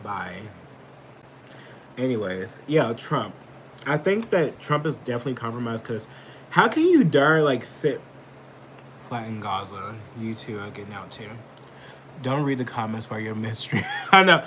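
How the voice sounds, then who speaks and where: A man's voice: on the low side, lively intonation, normal speed, long pauses, fairly bright tone, a little hiss or hum, low-quality recording. A man giving casual live political commentary, rambling, swearing and snapping back at chat comments. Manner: rambling, profane, reacts angrily to chat comments.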